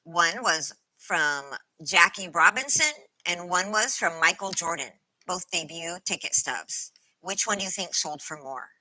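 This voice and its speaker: A woman's voice: on the low side, animated, a little slow, hardly any pauses, bright, forceful tone, no echo, rough recording. A woman hosting a casual trivia stream, playful and laughing often as she reads out chat.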